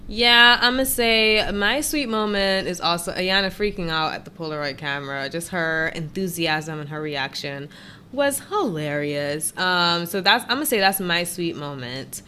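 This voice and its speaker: Blunt woman podcast co-host, bright voice. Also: lowish voice, expressive, a little slow, a little hiss or hum. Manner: blunt, laughing, mocking. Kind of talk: casual recap chat.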